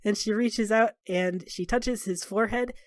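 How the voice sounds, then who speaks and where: A woman's voice: medium pitch, moderate pace, dry recording, studio quality. A woman game master narrating a tabletop game casually, with plenty of fillers.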